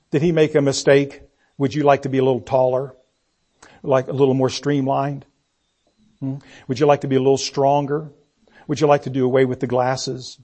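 A man preaching a sermon. He asks the congregation rhetorical questions and swings between loud emphasis and hushed delivery. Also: medium pitch.

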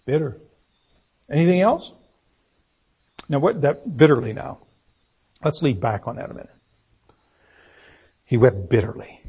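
A man with a husky, somewhat high voice teaches a Bible class. He reads verses aloud and stops often to ask his listeners what they think the words mean. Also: sing-song, normal speed, long pauses, darkish tone. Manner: questioning, asks the group for answers. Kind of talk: interactive Bible study teaching.

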